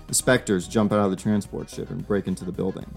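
Gravelly low male story narrator. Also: brisk, soft background music. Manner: plain steady reading. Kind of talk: amateur audio story narration.

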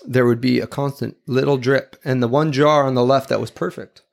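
A man delivers a heartfelt sermon-style talk in a gravelly, mid-pitched voice. He sounds earnest and confessional, reflecting openly as he speaks. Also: steady tone, fairly quick. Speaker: speaker giving a devotional talk.

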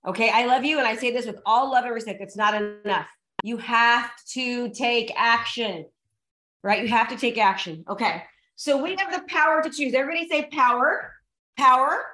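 Woman with a high voice giving an emphatic pep talk, lots of repeating, sounds echoey. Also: bright, forceful tone. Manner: emphatic and repetitive, coaxing the audience. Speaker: motivational speaker. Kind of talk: motivational talk to a live audience. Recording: echoey room.

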